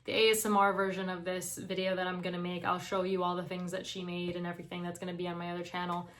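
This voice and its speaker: A woman's voice: fairly low pitch, completely flat delivery, fast, fairly bright tone. A young woman vlogger talking to camera in an earnest, emotional and encouraging way. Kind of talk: casual heartfelt talk to camera.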